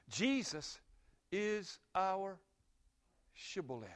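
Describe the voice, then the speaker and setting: Man, older, preacher, sermon storytelling, earnest, slightly high voice. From Greensboro, North Carolina, US. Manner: earnest, unhurried, sinks to a soft hush at key lines.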